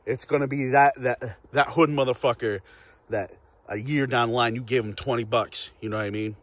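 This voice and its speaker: Profane rambling man with a husky voice. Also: mid-range voice, fairly bright tone. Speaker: vlogger. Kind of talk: casual rant to camera.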